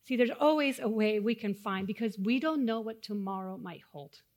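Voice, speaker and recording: A woman pastor giving a sermon, asking the congregation questions and dropping to hushed, solemn tones when telling stories of loss. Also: mid-range voice, animated, moderate pace. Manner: dynamic, swings from loud rhetorical questions to hushed solemn tones.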